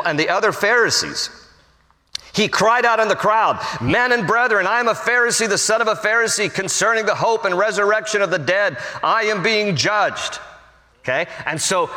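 A male pastor delivering a sermon, animated and acting out the quotes himself. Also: sits high, long reverb tail. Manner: animated, acts out quotes and voices.

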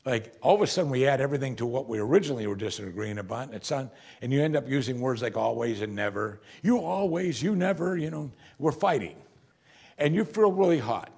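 Gravelly, husky male preacher. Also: medium pitch, animated, fast, a little mellow. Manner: earnest preaching, rising and dropping for emphasis. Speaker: pastor. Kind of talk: sermon.

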